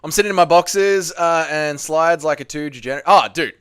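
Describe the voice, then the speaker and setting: A man's voice: on the high side, a little fast, a bit bright, clear, resonant tone. A man with an Australian accent hosting a casual livestream, chatting with viewers and commentating a fight in a blunt, sweary, joking way. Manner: sweary, blunt, jokey, laughs often. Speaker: livestream host.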